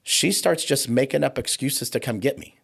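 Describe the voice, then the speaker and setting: A trauma coach in his forties, appearing as a guest on an interview show, speaks at normal speed in a mid-range voice with vocal fry. He tells a personal story vividly, acting out the voices of the people in it.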